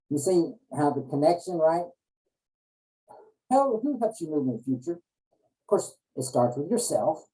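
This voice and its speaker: Dark-voiced earnest male motivational speaker. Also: mid-range voice, low-quality recording. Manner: earnest, repetitive with restarts. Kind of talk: motivational talk.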